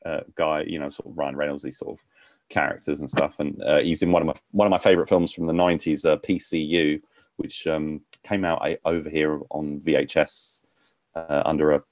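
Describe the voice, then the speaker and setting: Deep-voiced British man rambling about films. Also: little pitch movement, brisk, darkish tone, dry recording, dull audio. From United Kingdom. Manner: rambling, chatty, many fillers and restarts. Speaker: podcast co-host. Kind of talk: casual film review chat.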